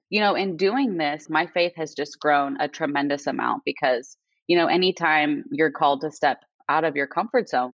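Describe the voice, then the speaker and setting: A woman's voice: deep voice, dry recording. A young woman and nurse, a podcast guest, sharing her faith story in casual, earnest chat full of "you know" and "like". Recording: dull lo-fi audio.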